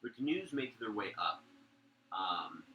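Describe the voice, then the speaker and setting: A man's voice: lowish voice, sing-song, measured pace, muffled recording. A man running a tabletop game as game master, narrating loosely with many fillers. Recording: roomy echo, faint noise.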